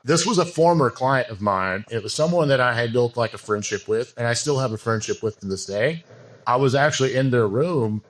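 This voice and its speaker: A man's voice: medium pitch, a little fast. A man talking as a podcast guest, telling a frank, rambling story full of fillers and restarts. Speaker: podcast guest, bodybuilding coach. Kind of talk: casual interview talk.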